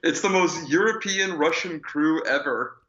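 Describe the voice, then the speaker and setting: A man co-hosting a podcast in casual, joking chat, speeding up when he gets excited. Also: fairly high pitch, unhurried. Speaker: podcast co-host. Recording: dull lo-fi podcast audio.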